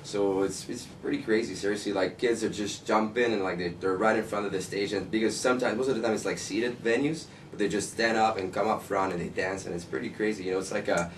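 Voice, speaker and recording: A man's voice: on the low side, quick pace, hardly any pauses. A man in a band answering interview questions casually, full of "like" and "you know". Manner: relaxed, filler-heavy, says like and you know a lot. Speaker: band member. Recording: distant mic, faint noise.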